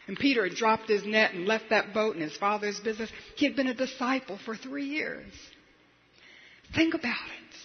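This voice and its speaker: A male preacher telling a story in a sermon, animated and rising to emphatic peaks, on a dull lo-fi recording. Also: extremely high pitch, breathy edge. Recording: dull lo-fi recording with faint hiss.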